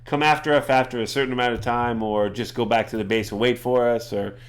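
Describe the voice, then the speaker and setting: A man's voice: medium pitch, fairly even intonation, quick pace. A man narrating as game master in a rambling way, with frequent restarts. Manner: rambling, many fillers and restarts.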